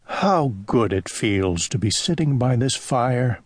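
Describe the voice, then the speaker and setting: A man voicing a fussy, kindly little male owl in a children's audiobook, in a high, excitable, sing-song voice. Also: slow, husky, dry recording. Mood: fretful.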